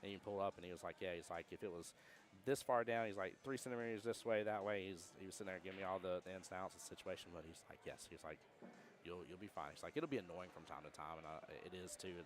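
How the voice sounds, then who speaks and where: Fast-talking low-voiced man. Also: fairly even intonation, background noise. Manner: rambling storyteller, many restarts. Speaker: pool commentator. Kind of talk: casual commentary chat. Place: pool hall.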